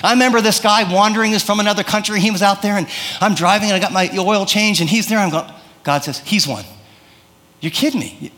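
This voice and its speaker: A man's voice: high voice, steady tone, fast talker, pushed and bright, in a large hall. A man preaching a sermon in a conversational way, acting out prayers and telling stories. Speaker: pastor.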